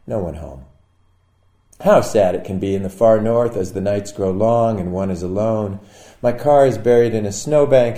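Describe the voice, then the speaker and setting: A man reads his own poem aloud in a wry, musing voice that breaks into sudden loud outbursts. His voice sits low and sounds dark and mellow, with lively swings in pitch. The room around him is echoey. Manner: wry, musing delivery with sudden bursts of loudness. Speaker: poet. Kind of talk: poetry reading.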